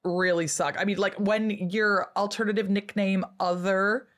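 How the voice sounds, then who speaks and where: A woman historian, a podcast guest, retelling history in a casual, irreverent and animated way, with lots of fillers. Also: mid-range voice, a little slow.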